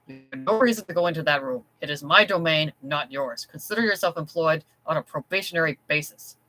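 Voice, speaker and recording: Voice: mid-range voice, brisk, pushed and bright, faint music behind, natural voice, low-quality recording. A reader voicing a cold, domineering wealthy man in an audiobook story, curt and icy.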